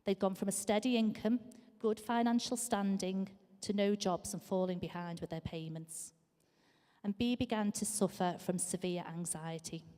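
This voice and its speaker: A woman speaks to a church congregation on behalf of a charity, her tone mellow and warm. She tells a short story calmly before handing over to a video. Her voice carries a long echo from the church hall around her. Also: medium pitch. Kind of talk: church talk.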